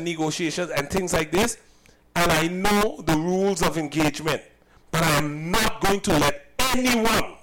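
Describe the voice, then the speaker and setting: A man's voice: fairly high pitch, heavy background noise. A man from Saint Kitts, a cook and business owner, recounting a personal incident in an emphatic, indignant way and often repeating himself.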